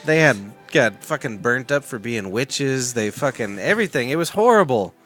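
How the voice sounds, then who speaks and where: Blunt, foul-mouthed American podcast co-host, average pitch, swearing through casual rants. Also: male voice, big pitch swings, normal speed, a bit bright, soft background music. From United States. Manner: profane, blunt, ranting. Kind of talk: crude casual banter.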